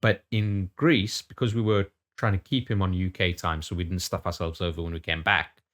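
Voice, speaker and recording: A man's voice: low voice, steady tone, normal speed, fairly bright tone. A man in his thirties from the UK, co-hosting a casual podcast chat, rambling with lots of restarts and casual swearing. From United Kingdom. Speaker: podcast co-host.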